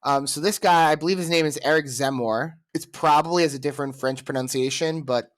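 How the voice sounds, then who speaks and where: A man's voice: fairly high pitch, a little fast, no room sound, studio quality. A man hosting a podcast in casual chat, opinionated and argumentative. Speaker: podcast host.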